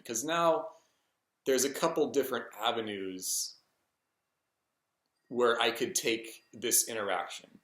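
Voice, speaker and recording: A man vlogging a personal story in a casual, hesitant way, full of ums and restarts. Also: medium pitch. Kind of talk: rambling personal story to camera. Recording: echoey room.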